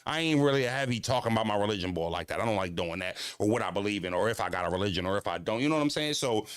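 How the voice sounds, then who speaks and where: A man's voice: lowish voice, animated, very fast, smooth, no room sound, clean studio sound. A man casually telling a story on his vlog in slangy, profane, rambling talk. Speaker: YouTuber and battle rapper.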